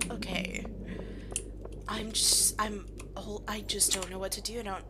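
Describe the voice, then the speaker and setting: A woman's voice: medium pitch, fairly even intonation, slow pace, long pauses, loud music behind the voice. A young woman giving casual, self-deprecating commentary while playing a game, laughing often. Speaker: gaming video creator. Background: keyboard clicks and typing.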